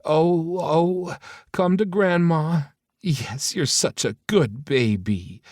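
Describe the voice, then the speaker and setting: A man voicing a doting older woman, a new grandmother, who coos and gushes in a slow, raised voice. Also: mid-range voice, big pitch swings, a little mellow, dry recording, studio quality, voice pushed up. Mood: gushing. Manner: cooing, gushing.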